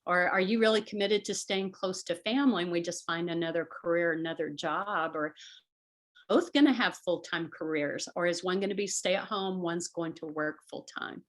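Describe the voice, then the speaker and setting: A woman's voice: on the low side, normal speed. A middle-aged woman, a guest on a talk show, explaining in an earnest, conversational way and slipping into voices when she quotes people.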